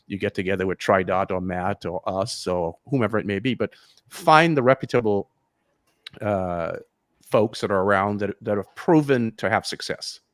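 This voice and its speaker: A man's voice: on the low side, dry recording, clean studio sound. A man who coaches triathlon swimming, giving frank advice in a casual live interview over a video call, with many restarts.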